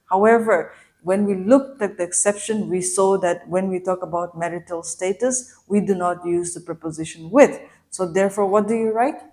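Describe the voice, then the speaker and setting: A woman teaching an English grammar lesson. She explains the rules step by step, asks her listeners rhetorical questions, and reads example sentences slowly and deliberately. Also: medium pitch, darkish tone.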